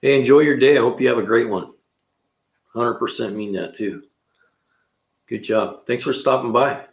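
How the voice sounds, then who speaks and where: Gravelly-voiced man rambling in an echoey garage. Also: medium pitch, normal speed. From California. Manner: rambling, talkative storyteller with slang. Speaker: live stream host. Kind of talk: casual chat, telling stories and answering chat. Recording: roomy echo.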